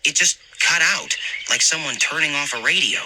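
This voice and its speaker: A man narrating a scary story in a lively, expressive reading. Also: a little high, moderate pace, rough recording. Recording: narration over loud background music.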